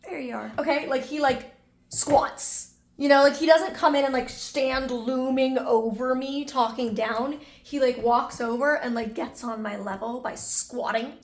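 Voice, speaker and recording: A woman's voice: a little high, echoey room. A young woman vlogger telling a personal story in a casual, chatty way, full of asides to her viewers.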